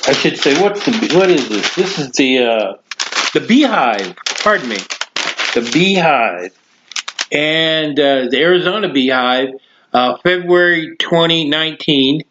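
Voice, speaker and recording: A man's voice: a little high, normal speed, a bit bright, lo-fi sound, slight background noise. A man hosting his own talk podcast, rambling casually with many fillers and restarts. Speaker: podcast host.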